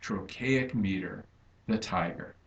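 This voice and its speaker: Male lecturer, low-ish voice, unhurried, methodical, reverberant classroom sound. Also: dull audio. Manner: slow, deliberate, emphasizing stressed syllables. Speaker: literature lecturer. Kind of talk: recorded lecture. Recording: echoey room.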